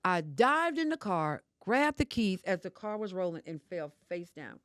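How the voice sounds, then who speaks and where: A woman's voice: lowish voice, animated, normal speed, no room sound. Older woman, podcast guest, emphatic storyteller, dry studio sound. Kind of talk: emotional casual conversation.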